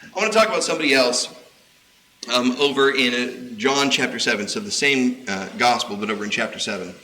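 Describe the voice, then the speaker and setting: A man's voice: medium pitch, brisk, bright, forceful tone, slight background noise. A man preaching a sermon, explaining scripture in a conversational way with casual asides. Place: church auditorium. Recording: echoey church room.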